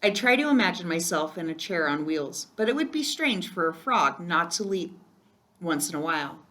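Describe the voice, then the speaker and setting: A woman reading a first-person children's chapter book aloud in a gentle storytelling manner. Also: on the low side, big pitch swings, normal speed. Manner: gentle, storytelling, occasional slips. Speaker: reader.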